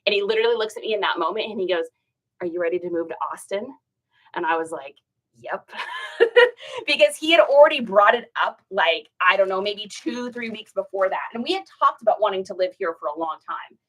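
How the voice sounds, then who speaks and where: A woman's voice: medium pitch, quick pace, few pauses, low-quality recording. A middle-aged woman chatting to livestream viewers from home, telling a long story and acting out the voices of the people in it. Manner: chatty, animated, acts out quoted voices. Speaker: reseller livestream host.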